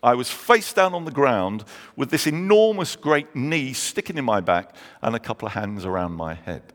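A man, preaching a sermon and telling stories, slowing down for emphasis. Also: medium pitch, very animated, a bit bright. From England. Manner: earnest storytelling, slows down for emphasis. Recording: long reverb of a large hall.

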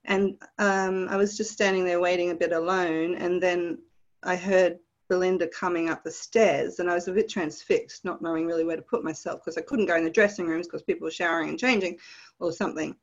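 A woman from Australia with an Australian accent, telling stories from her past as a guest in an interview with animated, vivid detail. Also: on the low side, fairly quick, lo-fi sound. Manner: animated, vivid storytelling with laughs. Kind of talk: storytelling in a podcast interview.

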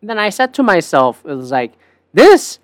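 Male podcast host, lively swooping pitch, sarcastic, profane, dry close sound. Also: a little fast, dry recording. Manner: animated, sarcastic, swears often. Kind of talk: casual profane monologue.

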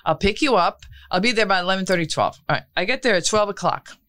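A woman's voice: mid-range voice, fast talker, dry recording. A middle-aged woman, telling a long story in casual chat and acting out what others said. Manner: animated storytelling, acts out quotes.

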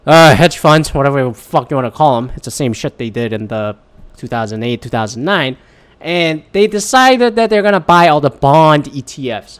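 A man ranting casually and sardonically, swearing often and rambling between thoughts. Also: medium pitch. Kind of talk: casual rant.

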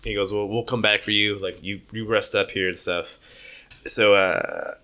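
A man's voice: fairly low pitch, fairly even intonation, moderate pace, sharp tone. A man in casual conversation, animatedly retelling a book's scenes and acting out the characters' lines, laughing and swearing freely. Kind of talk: casual book discussion.

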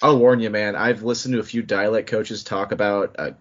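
A man hosting a podcast in casual chat. He talks in an animated way, with quick asides and laughing restarts. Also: on the low side. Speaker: podcast host. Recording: muffled lo-fi audio.

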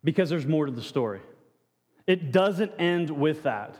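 Male pastor, high voice, preaching casually with restarts and questions to the pews; long hall reverb. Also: animated, a little slow, darkish tone. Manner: frequent restarts, rhetorical questions to the congregation. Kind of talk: conversational sermon.

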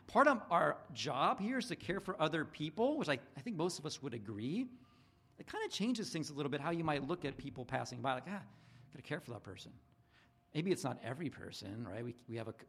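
A man preaching in a loose, conversational way, stumbling over his words and restarting often. His voice sits high for a man and swings widely in pitch as he acts out little exchanges between people. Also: gravelly, slightly rough. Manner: casual, rambling preaching with many restarts and fillers; acts out dialogue in animated voices. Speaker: pastor. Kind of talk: sermon.

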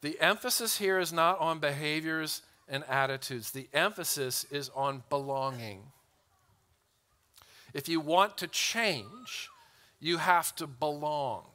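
A man delivers a sermon in an earnest, unhurried way, doubling words as he starts a thought and slowing to read verses aloud. His voice is bright and smooth, sitting slightly above the usual male pitch. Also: wildly swooping pitch. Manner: earnest, repeats words when starting phrases, slows down to read scripture. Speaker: pastor.

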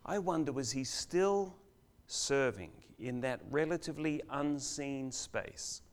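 An older man delivers a sermon in a church, spinning a story with dramatic pauses. His voice swells loud on questions and falls to a near whisper on key lines. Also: mid-range voice. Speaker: guest preacher.

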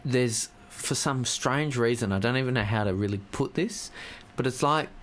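A man's voice: mid-range voice, normal speed, fairly bright tone. An Australian man co-hosting a podcast, chatting animatedly about football, often laughing and swearing. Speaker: podcast co-host. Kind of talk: casual sports chat.

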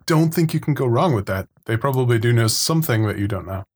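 A man's voice: mid-range voice, animated, fast, a little mellow, a little hiss or hum. Man cutting in with dry, teasing remarks. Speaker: podcast co-host. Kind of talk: casual chat.

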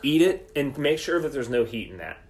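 A man co-hosting a podcast in casual chat, excitable and quick to laugh. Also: mid-range voice. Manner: excitable, chatty, laughs easily. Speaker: podcast co-host.

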